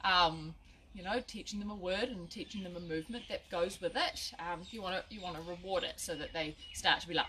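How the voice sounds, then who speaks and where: A woman's voice: fairly low pitch, brisk, bright, forceful tone, slight background noise. A woman giving a casual, chatty dog-training lesson on a live video, with frequent restarts and laughter at her own slips. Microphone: phone or camera at a short distance.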